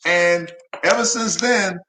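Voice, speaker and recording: A man's voice: sits high, takes it slowly, bright, forceful tone. A man co-hosting a casual talk show, playful and rambling, with many restarts. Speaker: co-host. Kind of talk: casual chat.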